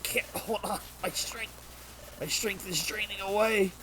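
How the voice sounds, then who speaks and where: A man's voice: high-pitched, steady tone, slow, noisy background. A man voicing a serious, brave male gecko creature from a game, reading its lines aloud with drama. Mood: strained.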